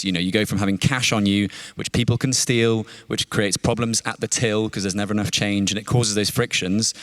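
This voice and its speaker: A man's voice: on the low side, fairly bright tone. A British man moderating a conference panel on stage, chatty and self-deprecating.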